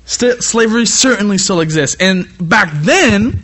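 Lively young preacher man, high and animated. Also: unhurried. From California. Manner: animated preaching that turns conversational, with asides and repeated "you know". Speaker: youth pastor. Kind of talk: sermon. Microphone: iPad.

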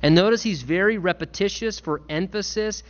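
A man's voice: high voice, moderate pace, lo-fi sound. A man preaching a sermon, earnest and emphatic, stressing points through repetition. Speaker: pastor.

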